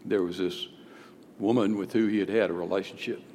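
A male pastor preaching a sermon, emphatic, swinging between loud declarations and hushed storytelling. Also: deep voice, steady tone, brisk. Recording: long hall reverb with faint background noise.

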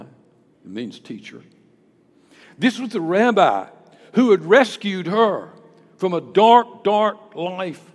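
Male pastor, husky, highish voice with lots of movement, dramatic sermon delivery, long hall reverb. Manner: dramatic, swings from hushed to loud.

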